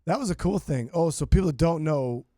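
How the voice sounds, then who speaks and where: A man's voice: fairly high pitch, lively intonation, a little fast, mellow, dry recording, studio quality. A man in his forties hosting a podcast, chatting casually and joking with interjections. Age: 40s. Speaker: podcast host.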